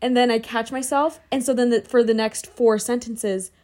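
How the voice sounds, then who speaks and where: A chatty woman co-hosts a casual podcast, talking a lot and often cutting in. Her slightly high voice is full of "like". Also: steady tone, moderate pace, darkish tone. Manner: talkative, cuts in, says "like" often. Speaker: podcast co-host. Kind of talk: casual chat.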